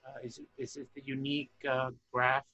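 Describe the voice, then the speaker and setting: A man's voice: medium pitch, monotone, a little fast, sharp tone, no room sound, highs cut off. A man in the audience interrupting a math talk over a video call with questions. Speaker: audience member asking questions.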